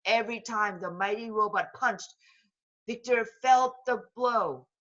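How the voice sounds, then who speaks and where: A woman reading a children's book aloud in a slow, expressive voice. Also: on the high side, highs cut off. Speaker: storybook reader.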